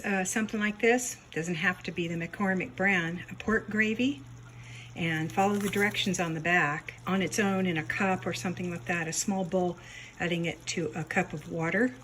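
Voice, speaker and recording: Slow-talking woman cooking-show host. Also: mid-range voice, a little hiss or hum, low-quality recording. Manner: homey step-by-step instructions. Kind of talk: home cooking demonstration. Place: home kitchen.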